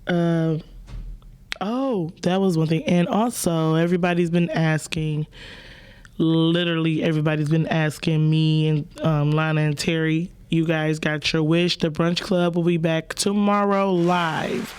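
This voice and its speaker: In an unhurried, low voice, a woman hosts a podcast and swaps stories in casual chat. Her storytelling is animated, loose, playful, and profane.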